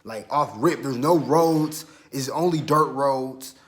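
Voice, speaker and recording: A young man from Georgia telling a story in a casual, slangy, profane way, quoting himself as he goes. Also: medium pitch. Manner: animated, quick retelling with self-quotes. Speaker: vlogger.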